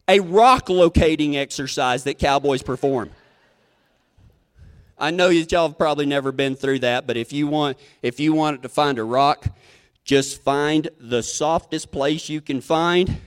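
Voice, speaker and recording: A man preaching a storytelling sermon as a cowboy preacher, folksy. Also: sits high. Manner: folksy, drawling storyteller who acts out quoted voices.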